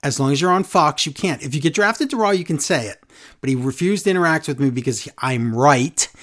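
A man with a slightly high voice rants his way through a casual wrestling chat, griping about wrestlers he can't stand. He breaks into mocking, sing-song repetitions to make fun of them. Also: lively intonation, fairly quick, a bit bright. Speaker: podcast co-host.

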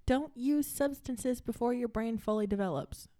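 A woman's voice: a little high, moderate pace, mellow. A woman hosting a casual true-crime podcast, telling the case with jokey asides and frequent laughs. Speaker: podcast host presenting the case.

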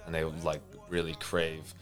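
Deep-voiced bartender guy telling stories, swears a lot, faint music behind. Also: unhurried. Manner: animated, acts out dialogue in higher voices, swears freely. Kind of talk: casual storytelling chat.

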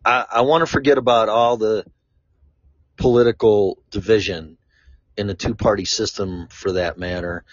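A man's voice: fairly low pitch, steady tone, normal speed, no room sound. A man from Chicago talking in a casual, rambling monologue, blunt and free with swearing. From Chicago, USA. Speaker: vlogger. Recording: dull lo-fi, dry sound.

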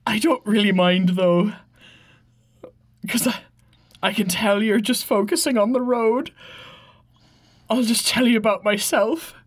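A woman's voice: mid-range voice, unhurried, long pauses, pitched above the performer's own voice, lightly acted. Woman doing a chatty Irish leprechaun. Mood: rambling. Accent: Southern Irish. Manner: rambling, laid-back, stumbling over words. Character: chatty tiny male leprechaun hitchhiker. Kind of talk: comic monologue reading.

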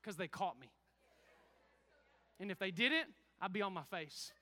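Man, pastor, emphatic sermon, very bright tone, high voice, bit winded. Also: animated, unhurried. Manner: emphatic preaching with call-outs to the congregation. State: out of breath. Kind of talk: energetic sermon.

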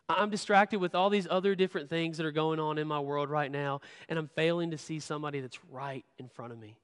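A man's voice: fairly high pitch, fairly bright tone. Candid man preaching in a reverberant church. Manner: candid, repeats words when stressing a point. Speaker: pastor. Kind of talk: sermon with personal story. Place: church sanctuary.

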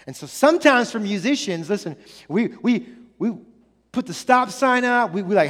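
High-voiced preacher in a big reverberant hall. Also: male voice, animated, moderate pace, fairly bright tone. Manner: earnest, repetitive emphasis with many restarts. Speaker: pastor. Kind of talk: sermon.

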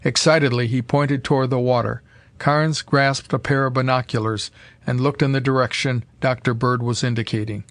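A man narrating an old adventure story in a steady, measured reading voice. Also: medium pitch, dry recording. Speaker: audiobook narrator. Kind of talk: scripted narration.

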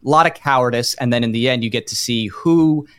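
A man's voice: mid-range voice, fairly quick, fairly bright tone, clear, resonant tone, no echo. Critical man on a dry mic. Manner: emphatic and critical, heavy fillers. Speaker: podcast guest. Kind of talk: casual podcast debate.

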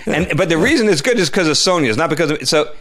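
A man co-hosting a podcast, telling a story in a casual, animated way, often stumbling and repeating words. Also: a little high, rapid-fire. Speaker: podcast co-host.

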